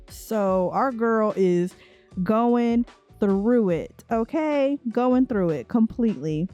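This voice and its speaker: A young woman hosts a relaxed let's play, sounding tired but chatty as she talks straight to her viewers. Her voice is warm and mellow, with a laugh never far off. Soft music plays faintly underneath. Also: fairly high pitch, slow. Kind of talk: casual gameplay commentary.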